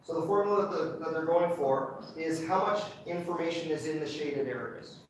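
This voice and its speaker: A man's voice: fairly high pitch, normal speed, distant mic, a little hiss or hum. A man lecturing a university class, chatty and enthusiastic, checking in with the students. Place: large lecture hall. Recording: very echoey lecture hall recorded from afar.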